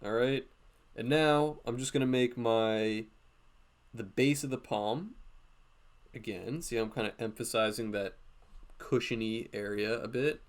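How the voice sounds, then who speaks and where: A man giving a casual live drawing lesson, walking through each step out loud with lots of "like" fillers. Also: mid-range voice, unhurried, pauses often. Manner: thinks aloud, step-by-step, frequent "like" fillers. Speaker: drawing instructor streaming a class.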